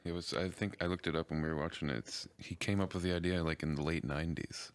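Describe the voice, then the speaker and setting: A man's voice: deep voice, steady tone, fast, clean tone, no echo, clean studio sound. A man with a Philadelphia accent co-hosting a podcast, mostly reacting with short remarks and laughs. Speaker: podcast co-host. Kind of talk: casual chat.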